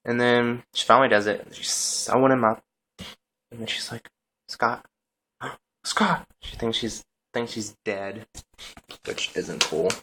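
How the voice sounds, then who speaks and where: A man's voice: medium pitch, moderate pace, pushed and bright. A young man casually recapping a TV episode, rambling through scenes with lots of "he's like" retellings. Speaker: TV episode reviewer.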